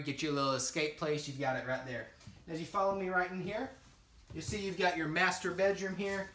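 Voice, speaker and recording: A man's voice: sits high, a bit bright, reverberant, low-quality recording. A man giving an enthusiastic sales walkthrough of a small cottage, talking straight to the viewers. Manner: upbeat, salesy, keeps addressing viewers as guys. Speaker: home tour presenter. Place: inside a small manufactured cottage.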